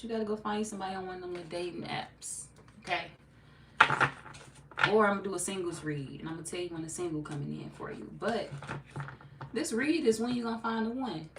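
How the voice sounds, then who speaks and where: A woman tarot reader chats casually on a live stream in a mid-range voice, telling stories with animation, cussing freely, and acting out quotes. She sounds distant and off-mic in an echoey room with a faint hum.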